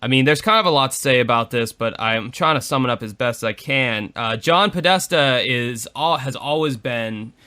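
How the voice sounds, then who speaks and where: A man co-hosting a podcast talks in loose, casual chat, rambling and leaning on fillers. His voice is bright and smooth, with a forward, clean tone. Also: medium pitch, normal speed, few pauses. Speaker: podcast co-host.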